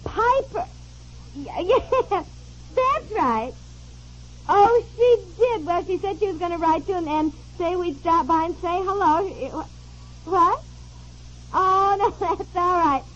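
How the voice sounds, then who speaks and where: An actress playing a chatty, easily flustered wife traveling abroad, in a 1950s radio comedy. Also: female voice, extremely high pitch, slow pace. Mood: flustered chatter. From America. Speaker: wife on a family trip. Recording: dull old radio recording with faint hiss.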